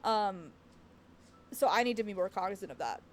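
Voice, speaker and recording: A young woman giving casual, laughing reaction commentary on a game, animated and self-mocking. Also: medium pitch, moderate pace, slight background noise. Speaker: game streamer.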